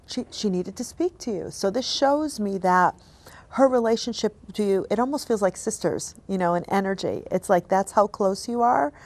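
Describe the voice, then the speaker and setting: A woman hosting as a psychic medium, giving a reading in a gentle, apologetic, emotional way that often drops to a soft hush. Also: mid-range voice, normal speed.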